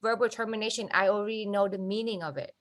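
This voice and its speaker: A woman's voice: mid-range voice, fairly even intonation, fast. A woman student in a language class, pressing her teacher with long, probing questions. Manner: probing, argues her point at length.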